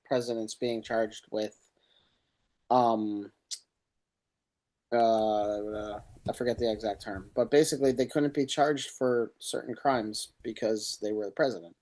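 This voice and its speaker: A man's voice: on the low side, steady tone, measured pace, darkish tone. A man co-hosting a podcast, rambling casually and searching for words as he talks. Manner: rambling, loses words, laughs at himself. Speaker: podcast co-host. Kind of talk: casual chat.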